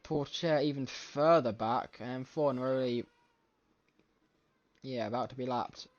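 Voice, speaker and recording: A man giving live race commentary from home late at night, excitable and often correcting himself mid-sentence, with a scratchy throat. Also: mid-range voice, measured pace. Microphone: desk microphone. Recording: slightly muffled lo-fi mic.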